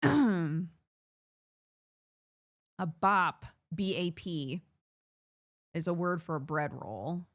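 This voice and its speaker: A woman's voice: fairly low pitch, drawn-out words, long pauses. An American woman streamer chatting casually with viewers, laughing often as she talks. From United States.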